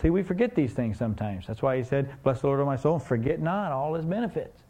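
A man's voice: mid-range voice, expressive, fast talker, dark tone. A man preaching a sermon, telling a story and asking the congregation questions in a conversational way.

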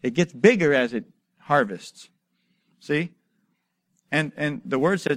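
A man preaching a sermon with a fairly high voice, recorded close and dry. He moves from quiet storytelling to emphatic, rising exhortation, peppered with rhetorical questions and acted-out asides. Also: expressive, measured pace, pauses often, no echo. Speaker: pastor.

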